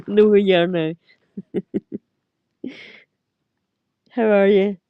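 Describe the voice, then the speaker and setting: A woman's voice: mid-range voice, fairly even intonation, extremely slow, smooth, no room sound. A middle-aged Scottish woman hosting a casual livestream chat, rambling with lots of fillers and frequent laughs. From Scotland. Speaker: livestream host. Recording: dull lo-fi sound.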